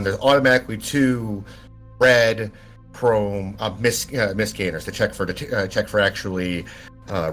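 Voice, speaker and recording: A man running a tabletop role-playing game narrates as game master in a lowish, slightly bright voice. He rambles, using many fillers and restarting often.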